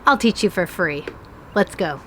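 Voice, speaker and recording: A woman English teacher giving a pronunciation lesson, speaking clearly and carefully. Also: on the low side, expressive, music in the background. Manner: slow, clear, careful enunciation.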